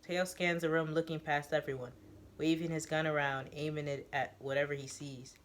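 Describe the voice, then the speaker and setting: A man reading a first-person story aloud, describing the action in a steady, descriptive way. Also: a little high, normal speed, slight background noise.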